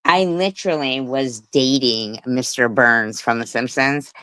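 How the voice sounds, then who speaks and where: A woman's voice: very deep voice, a little slow, bright, forceful tone, no room sound, low-quality recording. A middle-aged woman hosting a live stream, telling a rambling story with swearing and laughs. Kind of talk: casual live stream chat.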